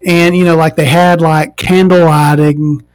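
A woman's voice: deep voice, flat delivery, unhurried, a little mellow, no room sound. An American trans woman hosting a podcast, ranting casually and sarcastically with a lot of swearing. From United States, inland. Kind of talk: casual comedic rant monologue.

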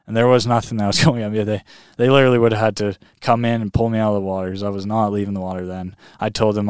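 Low, smooth-voiced man telling a story. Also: fast talker, no room sound, studio quality. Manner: animated, heavy on fillers like "like" and "man". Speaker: guest recounting a long lake swim. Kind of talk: casual storytelling.

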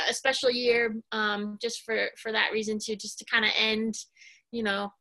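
A woman in her thirties, a former college basketball player and now a coach, answering interview questions in a soft-spoken, hesitant way with many pauses and fillers. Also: a little high. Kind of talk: casual interview.

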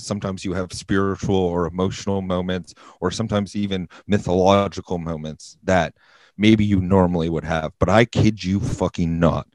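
Deep-voiced man, profane storyteller. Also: dry recording, rough recording. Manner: profane, deadpan-serious storytelling. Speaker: podcast guest. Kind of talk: casual storytelling.

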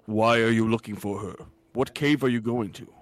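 A man's voice: on the low side, steady tone, normal speed, no echo, natural voice. A man voicing a stoic, silver-bearded older male warrior who talks in terse, broken formal phrases. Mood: stern calm.

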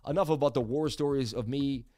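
A man who hosts a market livestream, telling a wild personal story in an excited, repetitive way while speaking straight to viewers. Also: mid-range voice, a little fast. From Boston area, US. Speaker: crypto market streamer.

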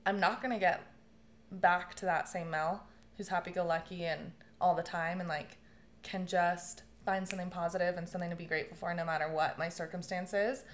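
A young woman in a casual conversation, telling stories with lively bursts of laughter and swearing. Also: lowish voice, fairly quick, a little hiss or hum. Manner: animated storytelling, laughing often, swearing. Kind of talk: casual chat.

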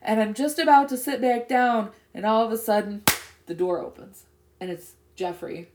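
A woman co-hosting a podcast, telling a story in casual chat, animated and profane. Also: fairly high pitch, moderate pace, reverberant, noisy background. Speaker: podcast co-host.

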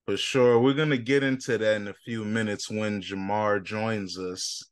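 A man's voice: lowish voice, fairly even intonation, moderate pace, clean tone, no echo. A man hosting a casual sports podcast, talking in a laid-back, slangy way and teasing his co-hosts. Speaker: podcast host. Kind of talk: casual chat.

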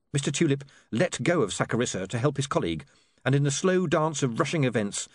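A man narrates an audiobook in a measured, expressive way. His pitch moves widely through each sentence. The recording is dry and close. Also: no room sound.

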